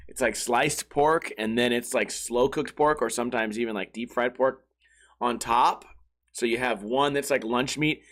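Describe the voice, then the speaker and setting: A man's voice: mid-range voice, a bit bright. A man hosting his own podcast, telling a long, rambling, profane story in a casual way and acting out the quoted voices. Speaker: podcast host.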